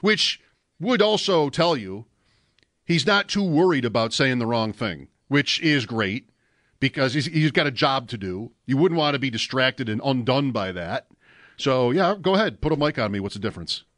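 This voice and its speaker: A man's voice: mid-range voice, sing-song, normal speed, a bit bright, dry recording, clean studio sound. A man co-hosting a sports talk show, talking in a thoughtful, musing way. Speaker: sports radio co-host.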